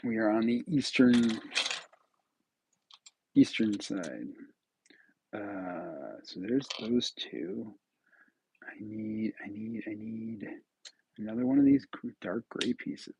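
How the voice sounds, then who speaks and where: A man's voice: fairly low pitch, huge pitch swings, takes it slowly, gravelly, long pauses, darkish tone, slight background noise, poor audio. A man from New York state hosting a live stream, chatting casually with viewers and muttering to himself as he builds. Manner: chats with viewers, muttering to himself between pieces. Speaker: livestream host.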